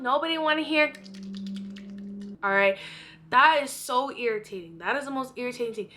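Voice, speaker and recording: A woman's voice: on the high side, expressive, moderate pace, long pauses, bright, forceful tone, faint music behind. A young woman vlogger giving blunt, profane advice in a casual monologue, often out of breath.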